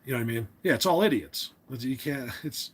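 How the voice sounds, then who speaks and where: A man's voice: medium pitch, lively intonation, a little fast, fairly bright tone, husky. A man hosting a casual livestream, talking to his chat in an opinionated, rambling way with many restarts. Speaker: livestream host.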